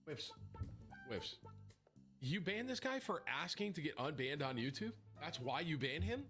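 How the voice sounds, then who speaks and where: Bright, sharp-toned male streamer reading chat messages aloud with mocking commentary. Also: on the high side, sing-song, a little slow, faint music behind. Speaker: game streamer.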